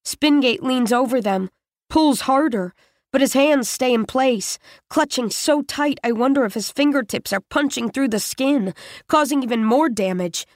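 A woman reading a first-person story aloud in a measured, steady way. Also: high voice, no room sound, studio quality. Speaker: audiobook narrator.

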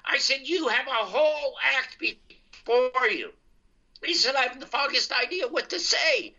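A man's voice: extremely high pitch, measured pace, vocal fry. An older man, a guest comedian, telling an anecdote over a video call and quoting the people in it. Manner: animated storyteller quoting others in dialogue. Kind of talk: storytelling anecdote. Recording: muffled internet call line.

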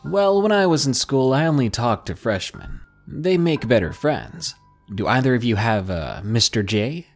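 A man's voice: medium pitch, big pitch swings, normal speed, faint music behind. A man voicing an awkward, overeager eighteen-year-old man who is pushy and overly friendly. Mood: eager.

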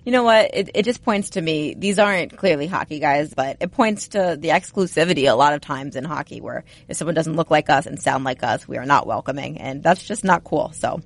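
A woman's voice: sits low, expressive, a little fast, creaky, hardly any pauses. Frank, earnest podcast co-host woman.

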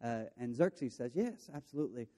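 A man's voice: medium pitch, expressive, a little fast, mellow. A man preaching a sermon, retelling a story with playful voices for the characters and jokey asides. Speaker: pastor.

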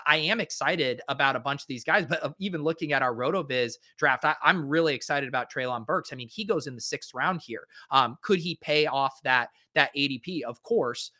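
A man's voice: on the high side, pushed and bright. A man who is a guest on a podcast, talking things through in a thoughtful, hedging way with frequent fillers. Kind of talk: casual analytical chat.

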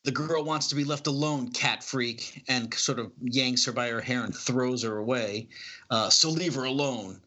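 A man voicing a gruff male brute villain in a comic, reading his taunts aloud. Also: medium pitch, normal speed, sharp tone. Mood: taunting. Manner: taunting, swaggering.

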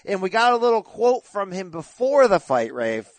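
Joking boxing podcast host, dry sound. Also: male voice, high voice, big pitch swings, moderate pace, dry recording. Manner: enthusiastic, joking recap. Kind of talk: casual podcast chat.

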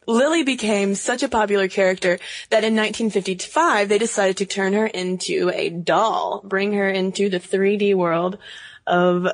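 A woman's voice: medium pitch, fairly even intonation, moderate pace, dry recording. A woman co-hosting a podcast in casual chat, laughing often and using plenty of fillers. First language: English. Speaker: podcast co-host.

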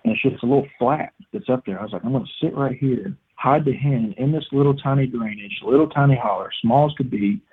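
A man, a guest telling a long story in casual, animated talk and quoting his own thoughts. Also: mid-range voice, fairly quick, few pauses, a little hiss or hum. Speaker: podcast guest, listener. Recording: tinny phone line.

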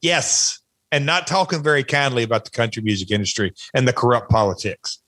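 A man's voice: mid-range voice, animated, fairly quick, a bit bright, no echo. Tennessee-twanged man rambling on a podcast. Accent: Southern US, Tennessee. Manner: rambling, self-mocking, frequent restarts. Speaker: guest. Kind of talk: casual podcast chat.

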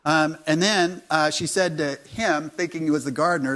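A man preaching a sermon in a conversational storytelling way, sometimes dropping to soft, intimate tones. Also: fairly high pitch, fairly even intonation, normal speed, few pauses. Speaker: pastor.

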